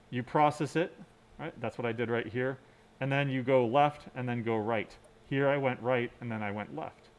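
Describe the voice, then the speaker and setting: A man giving a recorded computer science lecture, explaining step by step and often checking in with "right?". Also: medium pitch. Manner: mutters quietly to himself while working on screen. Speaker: university lecturer.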